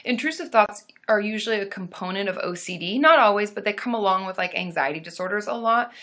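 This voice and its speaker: A young woman therapist answering viewer questions on a casual live stream, chatty and warm, with sudden loud whooping between answers. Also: medium pitch, lively intonation, fast talker. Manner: chatty, reads viewer comments aloud, bursts into loud monkey whoops.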